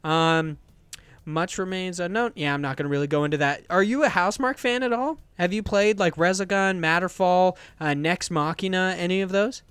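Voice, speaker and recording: A man's voice: high-pitched, fairly quick, fairly bright tone, smooth, no room sound. A man hosting a games podcast, chatting casually and enthusiastically, rambling with restarts. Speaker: podcast host.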